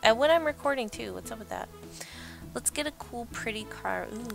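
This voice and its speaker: A woman's voice: mid-range voice, moderate pace, vocal fry, over music. Chatty young woman narrating gameplay. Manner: chatty, rambling, self-deprecating, laughs often. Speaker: let's play gamer. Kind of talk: casual gameplay commentary.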